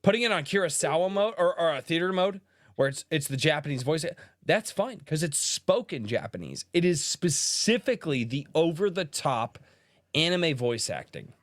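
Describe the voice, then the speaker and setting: Podcast host: a man who is loud and animated and swears freely, sounding fairly high. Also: moderate pace, no echo, studio quality. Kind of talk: casual podcast chat.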